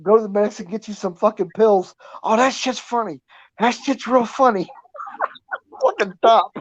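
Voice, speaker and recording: A woman's voice: medium pitch, fairly quick, dry recording. A woman and army veteran, telling crude barracks stories in casual chat, full of swearing and laughter. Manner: profane, laughing storyteller. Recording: muffled lo-fi audio.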